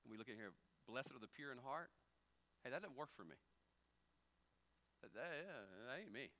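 A male pastor preaching a sermon, telling humorous stories and jumping from quiet asides to loud, high exclamations. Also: animated, brisk, long pauses. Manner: humorous storytelling with acted dialogue.

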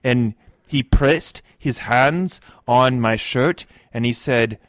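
A man improvising as a historical figure's assistant on a comedy podcast, telling a rambling, halting story full of fillers. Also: medium pitch, no echo, studio quality. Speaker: improv guest playing Beethoven's assistant.

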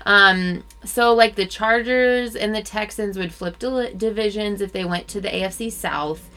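Young female co-host, mid-pitched, rambling, self-interrupting casual chat. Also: measured pace, a bit bright. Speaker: podcast co-host.

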